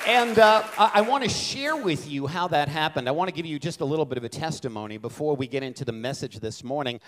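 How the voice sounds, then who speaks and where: A man's voice: on the high side, animated, fast, fairly bright tone, a faint crowd, low-quality recording. A man in his fifties from Brooklyn, a guest preacher telling his testimony to a congregation with humor and call-outs. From Brooklyn, New York. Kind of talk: sermon testimony. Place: church sanctuary.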